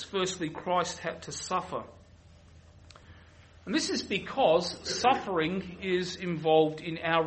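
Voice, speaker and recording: Male preacher, high and bright, unhurried emphatic sermon delivery. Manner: emphatic, repeats key phrases.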